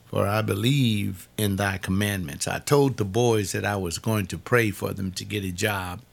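Older man, preacher, slow drawl, low gravelly voice, repeats words for emphasis. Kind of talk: informal sermon-style monologue.

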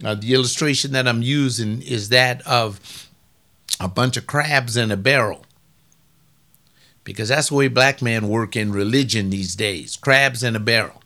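Man, pastor, webcast sermon, combative, blunt, bright edgy voice, mid pitch. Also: a little slow. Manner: blunt, combative preaching with rising outbursts.

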